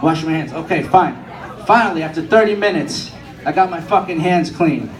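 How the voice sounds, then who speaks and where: This young stand-up comedian tells profane stories at a moderate, animated pace, impersonating the people he quotes. He's on a comedy club stage in a boomy, echoey room, recorded from afar with a loud crowd laughing.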